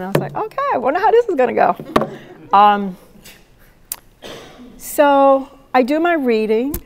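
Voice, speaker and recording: A woman in her seventies, a poet laureate, telling a lively story to an audience and acting out the voices of the people in it. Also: medium pitch, slight background noise. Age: 70s. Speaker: poet laureate giving a talk. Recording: long reverb of a hall.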